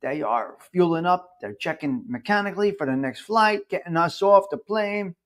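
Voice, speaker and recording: A man's voice: high-pitched, animated, normal speed. A man with a North Jersey accent, talking casually in a rambling monologue and repeating words for emphasis. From New Jersey. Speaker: podcast host.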